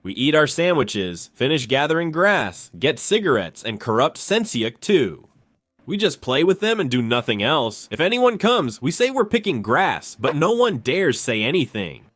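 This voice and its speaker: A man's voice: a little high, very animated, moderate pace, fairly bright tone, no echo, clean studio sound, soft background music. A man from Romania narrating a childhood story with animation, switching into character voices.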